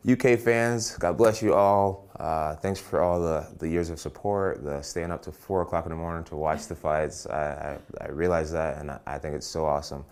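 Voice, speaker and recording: Male fighter for a press interview, voice sits extremely low, upbeat, often restarts and repeats words. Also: a little mellow. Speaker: professional fighter.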